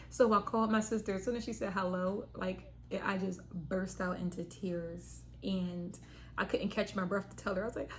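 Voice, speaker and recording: A young woman recounts a personal story straight to camera in a loose, chatty way. She slips into little performed quotes of herself and her family, which keeps her delivery lively. A faint hiss sits under the recording. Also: medium pitch, fairly quick. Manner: animated, acts out quotes of herself and her sister. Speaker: vlogger.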